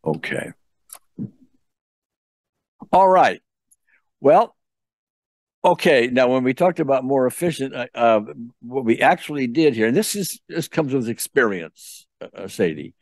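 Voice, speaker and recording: An older man leads a client through a tapping session, calm and guiding, checking in often. His voice sits at an ordinary middle pitch, and it is recorded dry and close. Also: unhurried, pauses often, no room sound. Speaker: tapping coach. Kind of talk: therapy session coaching.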